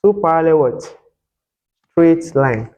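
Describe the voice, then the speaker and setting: A man's voice: a little high, animated, slow, darkish tone. A man teaching a whiteboard lesson as a tutor, asking the class questions and repeating key terms for them to answer.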